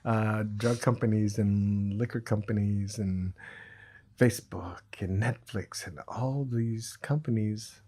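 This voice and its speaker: A middle-aged man talking about recovery as a podcast guest, earnest and reflective with a dry sense of humor, in a husky voice. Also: on the low side, fairly even intonation, takes it slowly, mellow. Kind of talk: reflective conversation.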